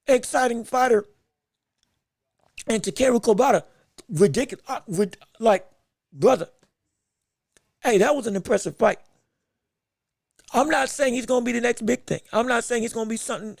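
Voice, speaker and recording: A man hosting a livestream fight commentary podcast, excitable and emphatic, talking in casual slang and repeating himself for emphasis. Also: extremely high pitch, vocal fry, dry recording, clean studio sound. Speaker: podcast host.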